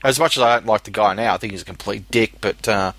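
Casting: Australian man, bright tone, dry close sound, blunt and foul-mouthed podcast talker. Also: on the low side, quick pace, no room sound. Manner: blunt, profane, laughs often. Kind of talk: casual chat.

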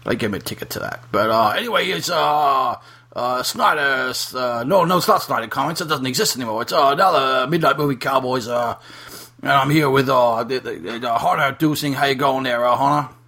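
A man doing a comedic impression of a brash, foul-mouthed, boastful aging rock star on a podcast. He rants, bursts into shouts and stammers over repeated words. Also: medium pitch, fairly quick. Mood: ranting. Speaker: podcast host.

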